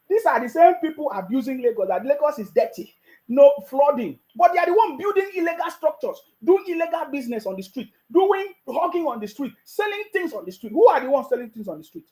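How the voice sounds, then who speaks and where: This ranting video commentary comes from a Nigerian-accented political commentator, mocking and scolding with many restarts. His very high, warm voice moves briskly with lively intonation; recording quality is low.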